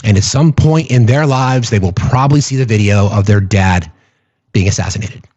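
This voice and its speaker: A man's voice: fairly low pitch, normal speed, a little mellow, no room sound, dull audio. A man hosting a political commentary show, speaking emphatically and repeating phrases for stress.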